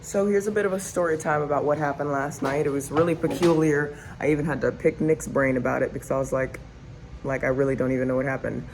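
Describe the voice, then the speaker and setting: Creaky-voiced woman telling a rambling story. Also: sits low, fairly quick, darkish tone, slight background noise, low-quality recording. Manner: chatty, rambling, filler-heavy. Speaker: family vlogger. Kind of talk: casual storytime chat. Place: home kitchen while cooking.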